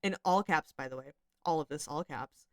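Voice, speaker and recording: A woman's voice: sits low, moderate pace, no echo, studio quality. Chatty, foul-mouthed woman commentator. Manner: chatty, swears freely, lots of "like" fillers. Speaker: commentary channel host. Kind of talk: casual commentary reading screenshots.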